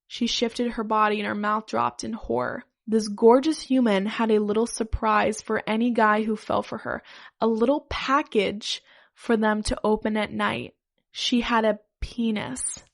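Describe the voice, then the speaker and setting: A woman's voice: fairly high pitch, level tone, measured pace, vocal fry. Woman reading a comic story aloud. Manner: breaks up laughing. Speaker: podcast host.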